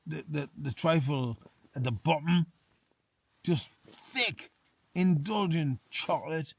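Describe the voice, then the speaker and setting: An English outdoor vlogger, a little tipsy, sits in a small tent in the winter hills reviewing beers to camera. His voice is on the high side, slow and gravelly. He chats loosely, says "mate" constantly and keeps repeating himself.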